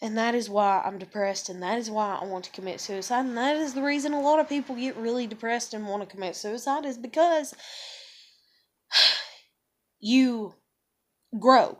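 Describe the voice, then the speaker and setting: A young woman talks straight to her camera in a bitter, upset vlog rant. Her voice sits a little high, and she swears freely and sighs often between thoughts. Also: normal speed, pauses often. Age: young adult. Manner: profane, ranting, frequent sighs. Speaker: vlogger. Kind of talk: emotional monologue to camera.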